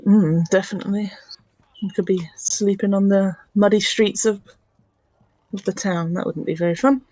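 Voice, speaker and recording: A woman playing a tabletop game, chatting in a lively, casual way. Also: mid-range voice, moderate pace, no room sound, rough recording.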